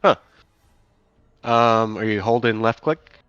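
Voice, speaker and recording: Game master, male, lowish voice, casual halting delivery, dull lo-fi call with music under it. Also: steady tone, fairly bright tone, clear, resonant tone, no room sound. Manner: casual, stop-start, full of fillers. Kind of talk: narrating a tabletop game.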